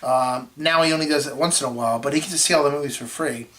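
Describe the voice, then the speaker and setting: Rambling male movie-show host, throat-clearing. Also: on the high side, quick pace, fairly bright tone. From Florida. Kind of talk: casual chat.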